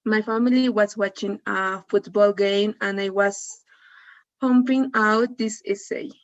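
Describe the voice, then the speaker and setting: Young female English learner, unhurried hesitant reading, lo-fi online call sound. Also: medium pitch, steady tone. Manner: slow, halting, self-correcting reader. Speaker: English student. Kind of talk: reading aloud in a lesson. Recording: dull lo-fi online call audio.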